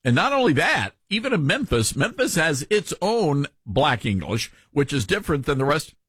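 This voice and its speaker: Male talk host, soft Southern accent, slightly husky, folksy and chatty. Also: fairly high pitch, big pitch swings, normal speed, dry recording. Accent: Southern US, Tennessee. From Tennessee. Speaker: radio talk show host. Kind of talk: talk radio commentary.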